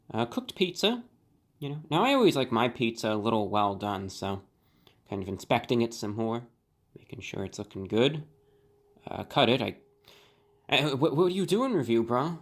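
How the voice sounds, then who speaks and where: Young male food vlogger, deadpan and earnest, average pitch. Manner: earnest deadpan delivery with playful voiced catchphrases. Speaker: food reviewer. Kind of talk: deadpan comic vlog monologue.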